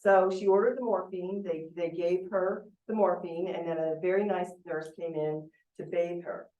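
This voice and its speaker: A woman's voice: lowish voice, steady tone, moderate pace, few pauses, warm tone. A woman in her sixties, a judge presenting a seminar, talking candidly and telling a personal story in a chatty way. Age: 60s. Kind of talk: public talk with personal anecdote. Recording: roomy hall, picked up from a distance.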